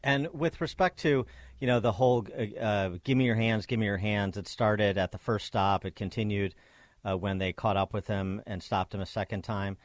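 Low-voiced radio host, measured and halting. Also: male voice, fairly even intonation, no echo, clean studio sound. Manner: measured, hesitant, many fillers between phrases. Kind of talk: radio interview.

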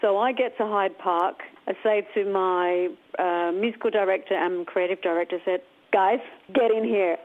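A woman's voice: mid-range voice, fairly even intonation, moderate pace, few pauses. A woman from Australia, a singer guest, chatting and laughing through stories on a radio interview. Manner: giggly, chatty storyteller with lots of fillers. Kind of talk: casual radio interview chat. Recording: tinny phone-like line.

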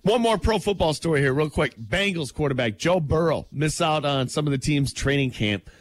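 A man's voice: on the high side, animated, normal speed. A man co-hosting a radio show, reading sports news in a laid-back way and laughing often. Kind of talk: casual radio banter. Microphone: studio mic.

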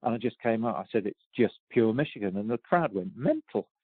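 A low-voiced golf champion calls in over a tinny, dry phone line, sounding animated, brisk, and slightly rough. Telling stories in a relaxed interview, he hesitates, restarts often, says um a lot, and laughs easily.

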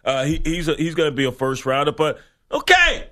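A man's voice: fairly high pitch, sing-song, brisk, bright, forceful tone. Rambling male sports radio co-host. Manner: rambling, many restarts and fillers. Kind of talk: casual sports talk.

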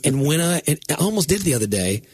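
Husky man telling a rambling story. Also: a little high, big pitch swings, very fast, a little mellow, no room sound. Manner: rambling, self-deprecating storytelling. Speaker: podcast co-host and writer. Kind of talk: casual chat.

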